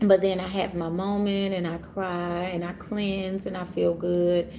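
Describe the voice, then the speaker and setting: Lively woman livestream host. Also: on the low side, a little slow, noisy background. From Orange Mound, Memphis area, USA. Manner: animated, laughs often, talks to viewers as y'all. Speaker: tarot reader and livestream host. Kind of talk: casual livestream chat. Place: city hotel room, sirens outside.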